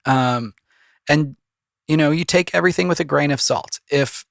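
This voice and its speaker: A man's voice: on the high side, normal speed, creaky, no echo, studio quality. A man with a cold, giving loose, rambling advice in a casual solo podcast, full of fillers. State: has a cold, voice deeper than usual. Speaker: composer and podcast host.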